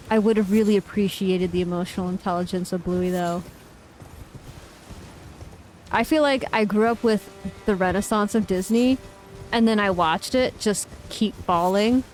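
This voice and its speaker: A woman in her thirties from the United States, streaming a game live, jumping from sudden high squeals of surprise into relaxed chatty talk with her viewers. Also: poor audio. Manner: excitable, squeals and exclaims at game events, then chats casually. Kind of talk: live gameplay commentary.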